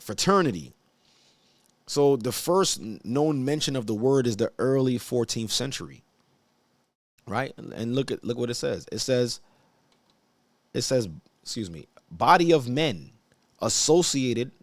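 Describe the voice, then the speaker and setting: A man's voice: on the low side, no room sound. Man hosting a casual live stream. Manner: conversational, repeats himself, checks in with viewers often. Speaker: church elder hosting a live broadcast.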